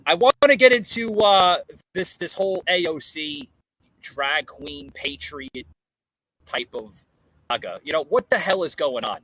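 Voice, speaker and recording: Guy hosting a podcast on his porch, kinda husky voice, rambles w lots of uhs. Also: on the high side, animated, measured pace, fairly bright tone, poor audio. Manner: rambling, many fillers and restarts. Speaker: podcast host. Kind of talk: casual political chat. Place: outdoor porch.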